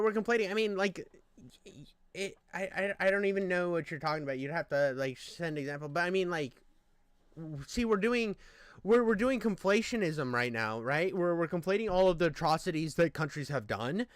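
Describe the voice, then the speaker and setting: A man's voice: high-pitched, expressive, moderate pace, fairly bright tone, clean tone, no echo. A young man reacting to a video in a heated, profane rant, full of fillers and restarts. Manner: profane, ranting, exasperated, lots of fillers. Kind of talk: heated casual commentary.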